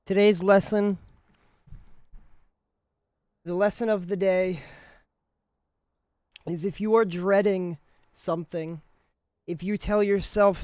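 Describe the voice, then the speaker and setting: A man's voice: sits high, a little slow, pauses often, no room sound, clean studio sound. A man streaming a video game, chatting casually to his viewers in a rambling, profane way, often cutting himself off and chuckling.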